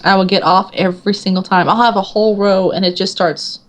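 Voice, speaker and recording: Woman, author guest, casual interview, animated storyteller, laughs a lot, medium pitch. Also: fairly quick. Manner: animated storyteller, acts out quotes, laughs often.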